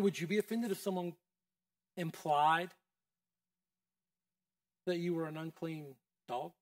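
A man's voice: a little high, dry recording, clean studio sound, recorded from a distance. A man preaching a sermon as pastor, in a casual, conversational way that keeps quizzing the congregation. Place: church.

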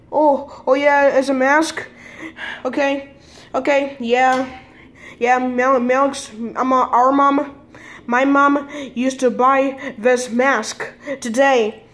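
High-voiced woman talking slowly in pretend play. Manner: repetitive, halting, speaks both sides of the chat.

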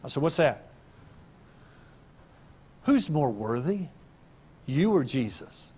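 A middle-aged pastor delivers a sermon in a church sanctuary, his ordinary mid-range, slightly rough voice breaking into sudden loud, high-pitched bursts when he makes a point. He's animated and conversational, speaking slowly and pausing often.

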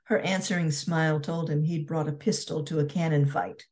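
A woman author narrating her romance novel in a steady, measured reading voice. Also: low-pitched.

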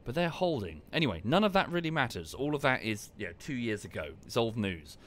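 A man casually commenting on a live game stream and explaining history at length in a relaxed, wry way. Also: medium pitch, brisk.

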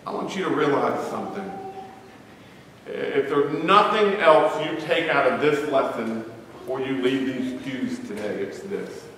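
A man's voice: mid-range voice, a little slow, a bit bright, slight background noise. A man preaching a sermon to his congregation, emphatic and stressing single words. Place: church sanctuary. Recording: echoey church hall, mic at a distance.

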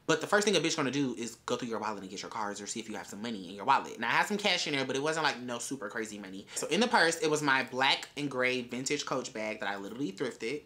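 A woman's voice: very deep voice, expressive, fast, hardly any pauses, pushed and bright. A young woman telling a wild story in a vlog, brash and full of swearing. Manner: brash, profane, chatty storytelling. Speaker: vlogger.

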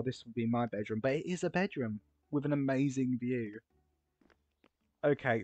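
A man giving casual, excitable gameplay commentary, gushing over builds with gasps and exclamations. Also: mid-range voice, dry recording. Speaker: game video creator touring player builds. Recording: slightly dull, lo-fi recording.

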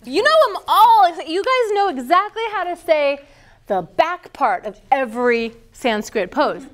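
Woman yoga trainer, high lively voice, playful and upbeat cues to a class. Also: measured pace, a little hiss or hum. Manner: upbeat, playful, cue-giving.

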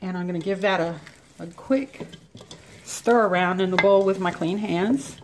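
A woman with a lowish voice, speaking at normal speed, cooks in her home kitchen and chats about each step of the recipe. Her mouth is still numb from a dentist appointment, and the clip picks up plenty of kitchen clatter.

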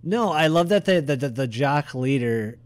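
A man co-hosting a podcast in casual chat, excitable and quick to laugh. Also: mid-range voice. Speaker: podcast co-host.

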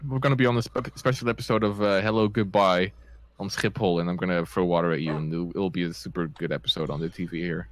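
A man's voice: low voice, no room sound. A young man from the Netherlands with a Dutch accent, bantering in mock offense while streaming a game with friends. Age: young adult. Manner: animated, mock-offended, quick to laugh. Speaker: streamer and co-player. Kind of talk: casual gaming banter.

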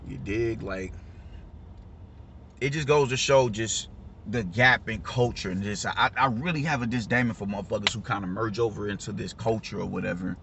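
A man's voice: fairly low pitch, moderate pace, vocal fry. A man in a casual, unscripted rant, talking emphatically, repeating himself and swearing freely. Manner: emphatic, repetitive, profane, says "you dig" a lot. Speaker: reaction vlogger. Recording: lo-fi audio with loud traffic noise.

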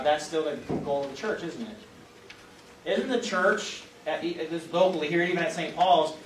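A man with a Midwestern American accent, a pastor leading an interactive Bible class, speaking conversationally with many fillers and questions put to the group. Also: on the high side. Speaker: pastor teaching a Bible study. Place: church classroom. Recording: roomy, distant mic, faint hiss.

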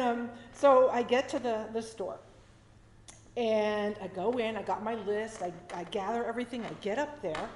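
A woman's voice: fairly high pitch, darkish tone. A woman telling a personal story live on stage, chatty and emotional, with laughing asides and frequent restarts. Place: arts center hall at a story slam. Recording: echoey hall with long reverb.

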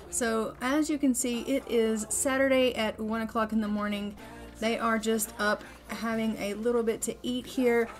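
A woman hosting a gaming channel, giving chatty, upbeat casual commentary over her play. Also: fairly high pitch.

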